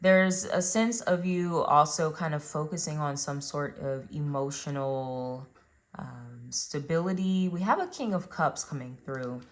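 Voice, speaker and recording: Her voice sits low and moves a bit slowly as this young tarot reader gives a relaxed card reading. She speaks directly to her audience in a chatty way, with plenty of ums and uhs.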